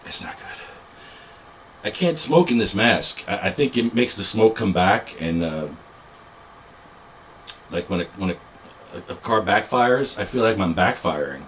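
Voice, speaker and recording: A man's voice: lowish voice, animated, normal speed, a bit bright, a little hiss or hum. A middle-aged man hosting a podcast in casual, rambling, self-mocking chat. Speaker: podcast host.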